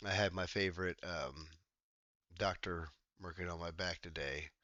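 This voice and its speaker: A man streaming while gaming, chatting casually in a meandering way that keeps interrupting itself and sometimes breaks into sudden loud exclamations. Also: deep voice, fairly even intonation, moderate pace, no echo, highs cut off.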